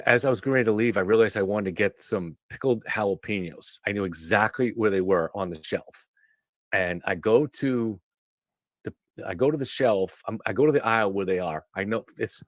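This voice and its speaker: A man's voice: on the low side, dry recording, studio quality. A man hosting a live stream, telling a long personal story in a rambling way, often restarting his sentences. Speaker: show host. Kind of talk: casual monologue on a live stream.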